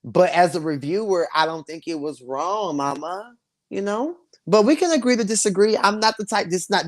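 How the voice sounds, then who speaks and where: Sassy, slangy man reviewing a show live. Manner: sassy, slangy and animated, swinging between loud bursts and low asides; laughs often while talking. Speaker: host of a live review stream. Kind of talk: casual live-stream reality show review.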